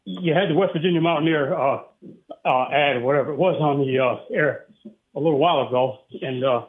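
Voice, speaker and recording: A man's voice: a little high, fairly quick. A man from upstate New York calling into a radio show, out of breath and rambling with many fillers as he gets worked up. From Saratoga Springs, New York. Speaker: caller. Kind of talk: phone-in call to talk radio. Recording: tinny phone line.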